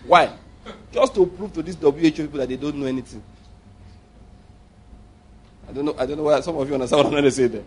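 A man's voice: medium pitch, quick pace, long pauses, a little hiss or hum. A man preaching a sermon to a congregation, jokey and digressive, often repeating himself as he explains. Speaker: pastor.

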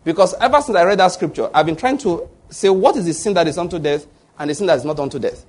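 Male pastor, high voice, husky, preaching a sermon with call-out questions. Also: animated, fast. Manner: asks the congregation rhetorical fill-in questions.

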